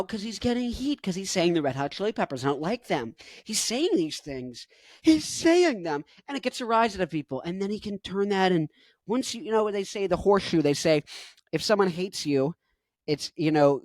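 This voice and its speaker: A man's voice: sits high, expressive, normal speed, no echo. A man in his twenties rambling in a jokey, self-mocking way as he talks to camera for his vlog. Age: 20s. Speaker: musician vlogger. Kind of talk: casual rant to camera.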